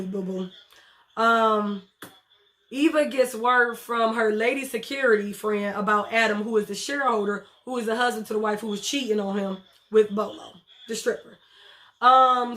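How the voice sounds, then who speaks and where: Woman w a higher voice doing a loose episode recap, cusses a lot, mouths off at the characters. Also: a bit bright. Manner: blunt, profane, talks back to the characters. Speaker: TV show reviewer.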